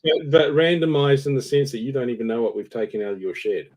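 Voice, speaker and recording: A man's voice: mid-range voice, steady tone, fast, a little mellow. A man co-hosting a casual chat, trading dry teasing banter. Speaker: podcast co-host.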